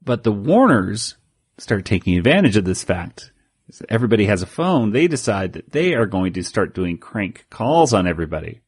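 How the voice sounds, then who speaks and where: A man co-hosting a podcast in casual chat, rambling through a comic recap and jumping into higher voices for quoted lines. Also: sing-song, normal speed, slightly rough, no room sound, studio quality. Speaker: podcast co-host.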